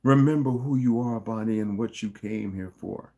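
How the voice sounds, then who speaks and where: A man's voice: fairly low pitch, moderate pace, gravelly, dark tone. A man voicing a desperate young man in a storybook reading who urgently pleads with his lover in a raised voice. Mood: urgent pleading.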